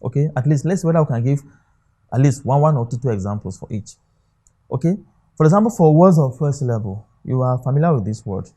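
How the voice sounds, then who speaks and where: A man's voice: medium pitch, expressive, quick pace, mellow. A man with a Nigerian English accent teaching an exam-prep lesson, often asking rhetorical questions and checking "okay?". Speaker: English tutor.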